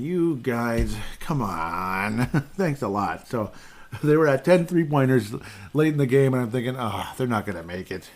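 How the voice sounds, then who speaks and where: A man hosting a casual sports podcast, rambling through game stats with sarcastic asides and frequent laughs. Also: mid-range voice. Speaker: podcast host.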